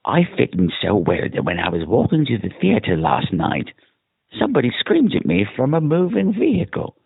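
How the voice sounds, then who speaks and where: A man's voice: medium pitch, huge pitch swings, normal speed, vocal fry, slightly rough. A drunk man leaving a rambling voicemail, putting on a campy, exaggerated mock British accent. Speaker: podcast host leaving himself a voicemail. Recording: tinny phone voicemail.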